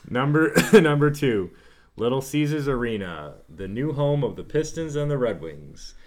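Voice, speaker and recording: A man's voice: mid-range voice, lively intonation, moderate pace, a little mellow. A man co-hosting a casual sports podcast, blunt and dismissive, laughing often as he ranks things. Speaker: podcast co-host.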